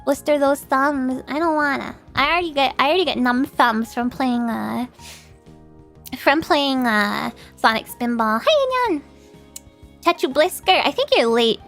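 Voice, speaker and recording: A woman's voice: high voice, normal speed, fairly bright tone, faint music behind. A woman streamer chatting casually with her viewers, laughing often and greeting chat, her nose stuffed up.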